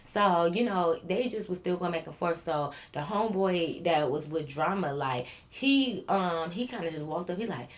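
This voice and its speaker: A woman vlogger telling a storytime to her viewers in an animated, laughing way, acting out what people said. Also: lowish voice, moderate pace, few pauses. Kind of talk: storytime narration.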